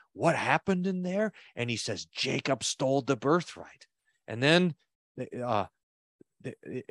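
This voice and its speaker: Here a male pastor with a mid-range voice reads from an old text and breaks off now and then to remark on it. He's an expressive reader who stresses key words heavily, and there's no echo.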